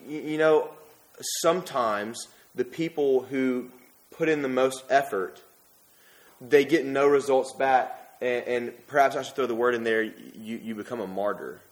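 Animated young man preaching a sermon. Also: mid-range voice, measured pace. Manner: animated, conversational preaching with bursts of emphasis.

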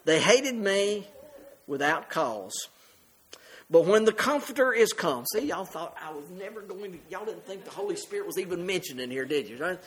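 A man preaching a sermon, reading scripture aloud and explaining it to the congregation, rising on the readings and dropping soft at phrase ends. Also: animated. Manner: rises in pitch and volume on scripture, drops soft and slow at phrase ends.

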